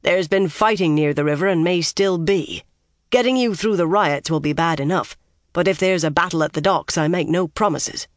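A reader voicing a gruff, grim one-eyed male soldier who growls, talks bluntly and keeps biting back his curses. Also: medium pitch, moderate pace, no room sound, studio quality, natural voice. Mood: grudging.

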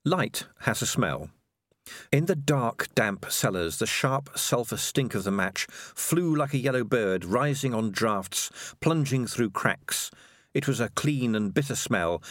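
A man narrating an audiobook in a measured, expressive storytelling voice. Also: fairly low pitch, no room sound, studio quality.

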